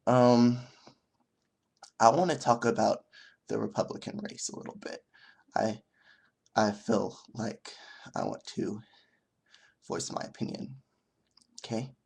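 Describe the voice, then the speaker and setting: A young man vlogging in a casual monologue, rambling and halting, with frequent restarts. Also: lowish voice, gravelly, a little mellow, breathy edge.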